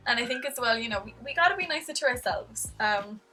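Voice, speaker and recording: A young Irish-accented woman vlogs to camera in a rambling, candid, confessional way, full of fillers and soft laughs. Her voice is a little high with lively intonation and a quick pace. The low-quality recording was made from a distance, her voice a bit off-mic, with music faintly in the background.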